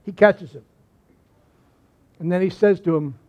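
A man with a high voice delivers a sermon as a pastor, pressing hard on key phrases and then dropping almost to a murmur. The recording sounds dull and lo-fi, with the top end muffled. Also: a little slow. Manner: emphatic preaching, dropping to hushed lines.

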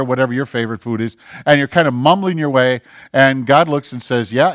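A male pastor delivers a sermon in a voice of ordinary pitch. He drops into quiet, conversational asides and then builds to emphatic, insistent preaching. The recording is dry and close, with little room sound. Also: no echo.

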